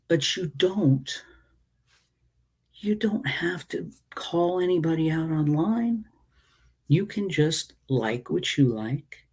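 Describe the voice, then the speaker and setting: Male indie comic creator, impassioned vlog rant, husky and unhurried. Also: medium pitch, darkish tone. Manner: impassioned, ranting, swears freely. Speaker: self-published comic creator. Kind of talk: ranting casual vlog.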